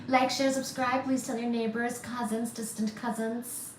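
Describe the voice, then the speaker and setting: A woman's voice: fairly high pitch, very animated, slow pace, reverberant, a little hiss or hum, low-quality recording. A woman from India hosting a physics channel livestream, reading viewer comments aloud and answering them in a teasing, chatty way. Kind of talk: casual livestream chat.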